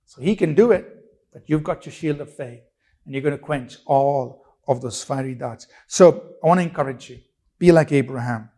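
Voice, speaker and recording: A man's voice: mid-range voice, moderate pace, warm tone. A man preaching a sermon, emphatic and repetitive, with rhetorical questions and frequent restarts.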